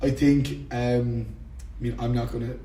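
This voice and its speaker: A man's voice: mid-range voice, level tone, normal speed, mellow, distant mic, a little hiss or hum. Irish man, sore throat, dry humour, roomy echo, a bit off-mic. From Ireland. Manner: dry humour, rambling with fillers. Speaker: podcast host, filmmaker. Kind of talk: casual podcast chat.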